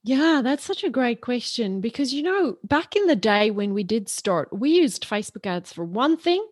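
A woman's voice: fairly high pitch, normal speed, slightly rough, no room sound, clean studio sound. Chatty woman with a mixed South African accent. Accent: mixed South African, British and Australian. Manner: chatty, animated, playful with accents. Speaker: guest. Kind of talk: podcast interview.

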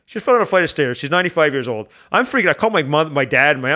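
Animated, fast-talking man chatting. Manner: animated storyteller with bursts of high excitement. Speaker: podcast guest. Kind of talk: casual chat.

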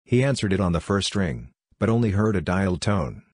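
A man with a very low, husky voice reads short ghost stories aloud. He keeps a steady, even storytelling pace. The recording is dry and close, with no room sound. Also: a little fast, no room sound. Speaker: narrator.

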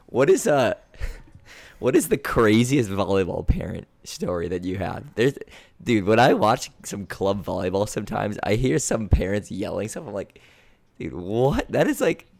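A young man co-hosting a casual chat, asking the others relaxed questions. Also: fairly low pitch, unhurried, creaky. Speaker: podcast co-host.

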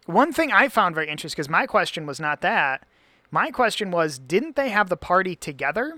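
Bright-voiced man leading Bible chat. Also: sits high, very animated, brisk, no room sound. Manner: rambling, self-correcting, many fillers. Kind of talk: casual Bible study chat.

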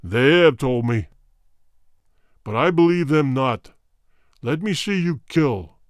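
A man voicing a haughty, stern old tribal king in an audiobook, speaking slowly and commandingly with a lower, louder, gruffer tone. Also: animated, dry recording, clean studio sound. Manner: slow, commanding and disdainful. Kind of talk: audiobook character voice.

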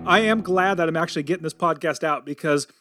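A man's voice: a little high, quick pace, music in the background. A middle-aged man hosting a podcast, telling a family story in a casual, upbeat way. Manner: energetic and upbeat, tells stories animatedly. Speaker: podcast host.

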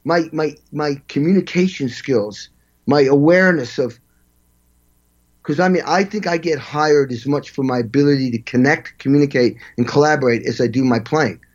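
A man in an interview telling animated stories as a session drummer, acting out quotes and vocalizing drum parts. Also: fairly high pitch, normal speed, lo-fi sound. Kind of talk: storytelling interview.

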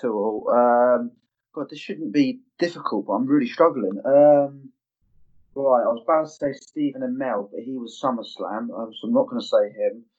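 A man chats on a podcast, pressing his opinions with emphasis. His voice is husky and the recording sounds dull and lo-fi. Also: medium pitch, normal speed. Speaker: podcast co-host. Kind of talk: casual podcast chat. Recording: dull lo-fi audio.

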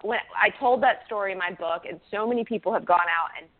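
A chatty woman guest talks casually, laughing often and restarting her sentences. Her voice sits at a mid pitch. The sound is thin and phone-like. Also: fast talker. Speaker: guest, author. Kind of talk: casual interview talk. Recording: phone-like band-limited audio.

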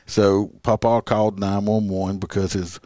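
A man's voice: on the low side, little pitch movement, moderate pace, dark tone, dry recording, clean studio sound. A man reading a news story aloud, breaking in with sarcastic, profane commentary.

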